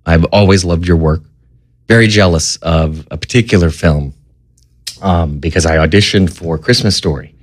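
A man's voice: sits low, moderate pace, no echo, clean studio sound. A man hosting a podcast, chatting loosely and joking, with the odd swear word. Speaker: podcast host. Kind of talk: casual chat.

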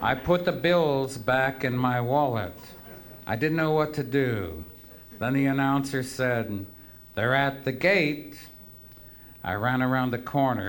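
A man telling rambling, profane stories to a live audience with a wry, offhand manner. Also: mid-range voice. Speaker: storyteller performing for an audience. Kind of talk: live spoken storytelling.

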